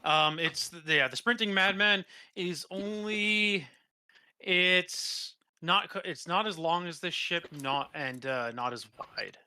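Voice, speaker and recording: A man narrating as game master for a tabletop role-playing game, halting and full of fillers and restarts. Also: sits high, sharp tone, smooth.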